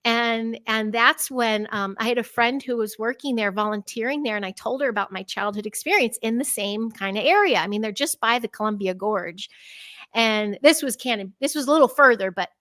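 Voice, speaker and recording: A woman's voice: a little high, a little fast, no echo, clean studio sound. A woman in her thirties, a podcast guest, animatedly telling personal stories with frequent laughs and acted-out quotes. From United States. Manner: animated, laughing often, acts out her own quoted lines. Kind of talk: conversational storytelling.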